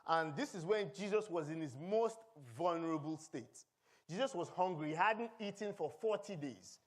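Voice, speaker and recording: A man's voice: high-pitched, moderate pace. A man with a Nigerian accent, a pastor preaching a sermon in church. He reads scripture and mixes in humor, drawing responses from the congregation.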